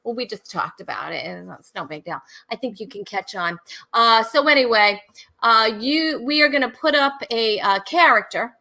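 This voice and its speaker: Bright bubbly woman host. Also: fairly high pitch, animated, normal speed, vocal fry. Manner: bubbly, laughing, chatty. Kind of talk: casual chat on a live video show. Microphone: video call.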